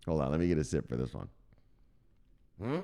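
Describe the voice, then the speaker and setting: A man's voice: rumbling low, very animated, fairly quick, creaky, dark tone. A man hosting a crypto news channel, telling a profane comic tall tale in a conspiratorial tone. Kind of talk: casual comic storytelling.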